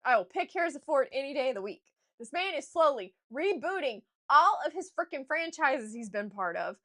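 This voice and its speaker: A young woman with a high-pitched voice talks casually to her viewers during a writing stream. She tells a story with fan excitement, laughing and restarting as she goes. Her tone is bright and clear. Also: a little fast. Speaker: author streaming a writing session.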